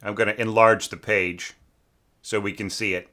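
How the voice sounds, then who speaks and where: A man with a lowish voice but a bright, forceful tone talks through a student's orchestral score. He is relaxed and chatty, with plenty of ums, small laughs and throat clearing. Now and then he sings a rhythm aloud to show a point. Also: moderate pace. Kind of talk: casual spoken lesson.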